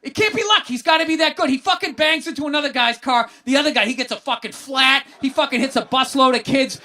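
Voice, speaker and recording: A man hosting a podcast, swearing constantly and bursting into excited yelling during a comedic rant about sports. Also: very high-pitched, quick pace. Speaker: podcast host.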